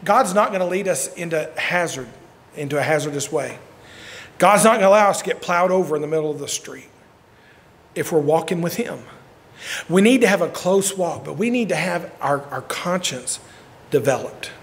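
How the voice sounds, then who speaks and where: A man preaching a sermon, telling stories and swinging from shouts to quiet asides. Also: on the high side, animated, normal speed, creaky. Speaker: pastor. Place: church sanctuary. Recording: long church hall reverb.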